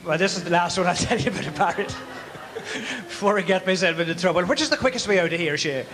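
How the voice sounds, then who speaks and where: A man's voice: sits high, fast talker. A middle-aged man with a Northern Irish accent telling jokes and giving a tribute as compère at a live event, chatty and laughing at his own punchlines. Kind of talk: stage joke-telling and tribute speech. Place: live venue in front of an audience. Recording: echoey hall.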